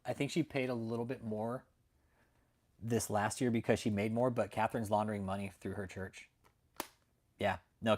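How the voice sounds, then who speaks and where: A man's voice: mid-range voice, darkish tone. A young adult man hosting a channel, telling a story to his viewers in a brash, profane, casual rant. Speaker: channel host.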